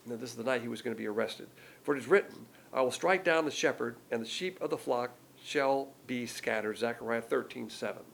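A man's voice: medium pitch, fairly quick, gravelly, a bit bright, low-quality recording. A man teaching verse by verse from the Bible, explaining each passage in plain, conversational words and reading the verses aloud with more force.

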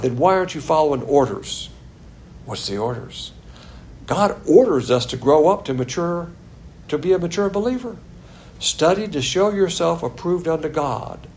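A man's voice: a little high, a little mellow, slight background noise. A man teaching a Bible class in a blunt, sarcastic manner, with chuckling asides. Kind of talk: sermon.

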